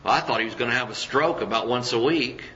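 Bright-voiced man preaching in an echoey church. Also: mid-range voice, fast. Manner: conversational preaching with rhetorical questions and mimicked voices. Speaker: pastor. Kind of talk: sermon. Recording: roomy, dull church recording.

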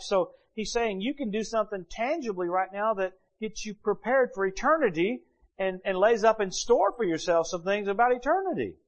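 A middle-aged male preacher delivering a sermon in a slightly higher-than-usual voice. He reads scripture aloud and then moves into lively, humorous storytelling.

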